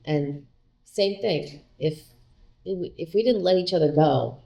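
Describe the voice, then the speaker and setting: A middle-aged woman with a slightly low, gravelly voice tells a personal story as a guest in a relaxed interview. She talks chattily, with plenty of fillers, and acts out what people said. Her tone is warm and dark. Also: slow. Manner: chatty, retells with quoted dialogue and many fillers.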